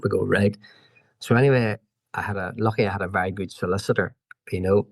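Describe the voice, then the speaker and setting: Northern irish guy, low voice, chatty storytelling, dry close mic. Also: quick pace, dry recording. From Northern Ireland. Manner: animated anecdotes with quoted dialogue. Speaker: guest, former road racer. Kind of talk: storytelling in a podcast interview.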